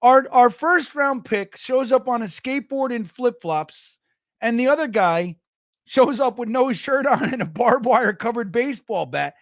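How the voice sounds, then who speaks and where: Man, middle-aged, high lively voice, rambling and profane, dry close mic. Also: measured pace, dry recording. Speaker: podcast host reading live chat. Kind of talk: casual livestream chat.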